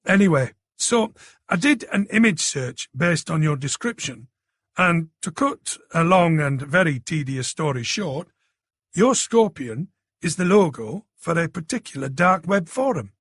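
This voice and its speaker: A man's voice: on the high side, lively intonation, measured pace, a bit bright, slightly rough, no echo, exaggerated voice. A man voicing a cocky, bantering young tech whiz. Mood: cheeky. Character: cheeky young London tech-savvy man.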